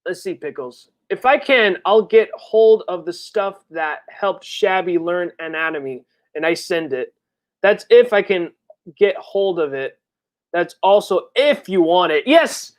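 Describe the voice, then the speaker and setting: A streamer chatting casually on a live birthday stream, reading viewer messages and rambling in slang, with sudden high, excited outbursts. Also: measured pace. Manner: rambling, slangy, full of fillers. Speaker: livestreamer and comic creator.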